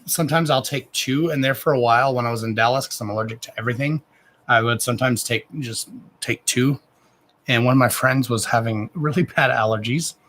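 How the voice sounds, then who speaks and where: A man's voice: mid-range voice, a bit bright, slight background noise. A man in his thirties chatting casually on a live stream as a card reader, rambling, with frequent restarts and loose swearing. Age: 30s.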